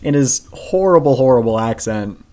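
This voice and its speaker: A man's voice: mid-range voice, expressive, normal speed, a little mellow. A man co-hosts a movie podcast in easy, casual chat. He makes wry, teasing remarks about the film's lines. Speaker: podcast co-host.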